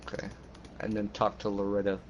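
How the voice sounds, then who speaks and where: A man's voice: on the low side, monotone, fairly quick, a little hiss or hum. A man new to a game, asking hesitant questions over voice chat. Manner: hesitant, asks many questions. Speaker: new player being helped. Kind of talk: casual gaming chat over voice call.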